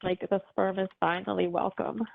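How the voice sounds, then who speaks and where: Woman, hypnosis client in trance, awed and emotional, gravelly voice, tinny call audio. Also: medium pitch, level tone, moderate pace, background noise. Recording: tinny phone-like call line.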